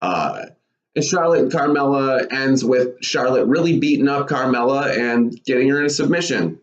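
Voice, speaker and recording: A man's voice: medium pitch, moderate pace. A man casually giving his thoughts on wrestling for his channel, rambling with lots of self-corrections. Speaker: wrestling commentary YouTuber. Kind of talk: casual spoken commentary. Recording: roomy, dull lo-fi.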